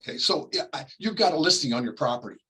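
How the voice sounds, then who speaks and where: A middle-aged man from California teaching a class, talking casually and acting out quick examples, often coughing and clearing his throat. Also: on the high side, expressive, bright, forceful tone, poor audio. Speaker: real estate ethics instructor. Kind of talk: classroom lecture.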